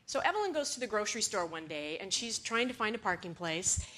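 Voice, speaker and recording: A woman speaking to an audience with a bright, clear voice. Her pitch swings widely as she tells her stories and acts out quoted lines. There is a faint hum of room ambience behind her. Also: a little fast. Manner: animated, laughing storyteller who acts out quoted lines. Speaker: speaker giving a talk. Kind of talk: storytelling talk to an audience.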